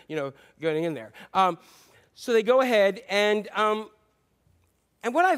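A pastor preaching a sermon in a chatty, joking way, asking his congregation questions and acting out scripture. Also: high voice. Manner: conversational and joking, quizzes the congregation; acts out scripture quotes in playful voices.

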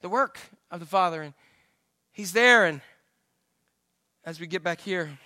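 A middle-aged man preaching a sermon, telling the story with lively acted-out voices and humor. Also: high voice, a little slow, no echo, clean studio sound. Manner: animated storytelling, acts out the father's voice. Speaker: pastor.

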